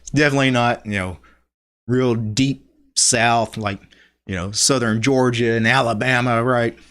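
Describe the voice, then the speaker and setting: Middle-aged Louisiana man, host of a relaxed live stream, easygoing and chatty, mid-pitched voice, reads out viewer comments. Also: a little fast, clean tone. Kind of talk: casual live stream chat.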